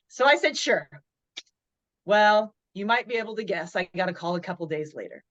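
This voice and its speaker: A woman in her forties, a guest on a podcast interview, telling a personal story in a lively way and acting out her own inner thoughts. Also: mid-range voice, normal speed, lo-fi sound. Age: 40s. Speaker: podcast guest, motivational speaker.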